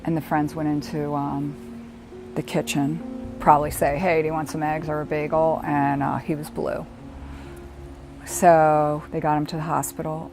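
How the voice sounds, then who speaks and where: A middle-aged woman, a bereaved mother, telling her story in a halting, reflective way with pauses. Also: low-pitched, creaky. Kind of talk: personal documentary testimony. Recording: music playing underneath. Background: soft background music.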